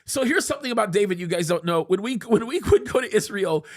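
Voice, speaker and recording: Male studio host, high voice, animated storyteller who acts out dialogue. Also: quick pace. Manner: animated, acts out quoted speech. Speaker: show host.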